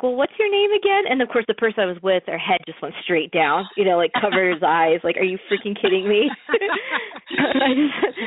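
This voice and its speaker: A woman's voice: mid-range voice, dry recording. Chatty woman on a tinny line. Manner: chatty storyteller, many fillers. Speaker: interview guest. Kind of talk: casual interview chat.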